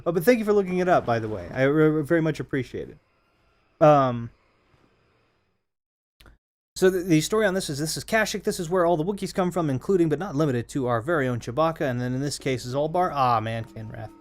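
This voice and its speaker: A hoarse man streaming a game, chatting casually with viewers in a rambling, self-correcting way. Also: fairly high pitch, expressive, a little fast. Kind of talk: casual live-stream chat over gameplay.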